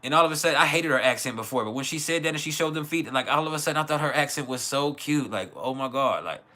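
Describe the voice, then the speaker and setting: A man's voice: fairly high pitch, lively intonation, quick pace, pushed and bright. A man from West Texas, hosting a casual livestream and giving blunt, profane opinions while answering chat. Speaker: livestream host.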